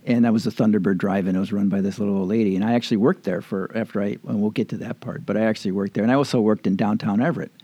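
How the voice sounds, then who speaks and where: A man's voice: on the low side, fairly even intonation, rapid-fire, hardly any pauses, mellow, no echo, dull audio. An older man, interviewed, telling old stories in a rambling, chuckling way with plenty of fillers and restarts. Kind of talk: casual storytelling reminiscence.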